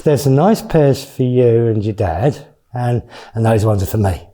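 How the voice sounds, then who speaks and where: A man's voice: mid-range voice, warm tone. A man in his fifties, a mindfulness teacher giving a candid, chatty retreat talk with blunt swearing. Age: 50s.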